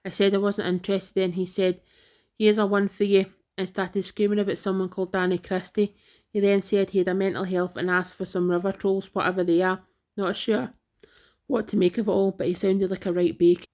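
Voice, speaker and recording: A woman reading out online comments in a flat, even delivery. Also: medium pitch, brisk.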